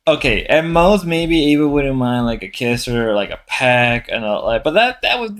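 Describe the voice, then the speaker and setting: A man's voice: mid-range voice, big pitch swings, moderate pace, a bit bright. Man, streamer, casual clip commentary, rambling, incredulous. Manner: incredulous, rambling, repeats himself.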